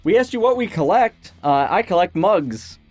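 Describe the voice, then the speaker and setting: A man's voice: high voice, moderate pace, no echo, soft background music. A man co-hosting a casual chat, reading out fan questions and answering them loosely. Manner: relaxed, reads out fan questions. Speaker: co-host.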